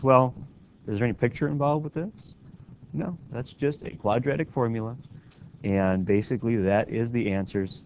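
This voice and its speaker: Leading a classroom math lecture, a man with a medium-pitched, gravelly, darkish voice takes students step by step, frequently asking "right?" to check they're following. The sound is a dull, lo-fi classroom capture with faint background noise.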